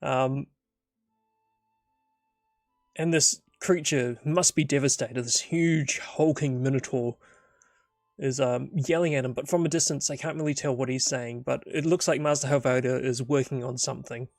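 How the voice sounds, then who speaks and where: A man's voice: medium pitch, fairly even intonation, normal speed, dry recording, soft background music. A man narrating and improvising a solo tabletop game, rambling and thinking aloud with many fillers.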